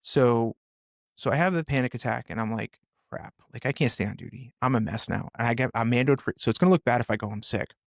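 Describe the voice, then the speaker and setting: Fast-talking gravelly man telling his story. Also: mid-range voice, no room sound, studio quality. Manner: intense, animated retelling with quick restarts. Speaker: podcast guest, former police officer and firefighter. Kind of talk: candid personal storytelling.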